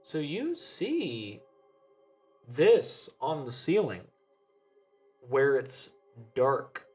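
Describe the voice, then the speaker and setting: A man running a tabletop game, his pitch rising and falling with a lot of life. He speaks casually, with faint music underneath. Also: huge pitch swings, drawn-out words, darkish tone. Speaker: game master.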